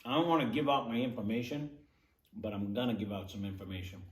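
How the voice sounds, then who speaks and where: A man's voice: lowish voice, fast, recorded from a distance. A man co-hosting a casual food review, chatty and opinionated, often reminiscing. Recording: echoey room.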